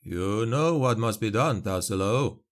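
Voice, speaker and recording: A man voicing a grim knight cousin in an audiobook, speaking low and threatening. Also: lively intonation, measured pace. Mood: menacing.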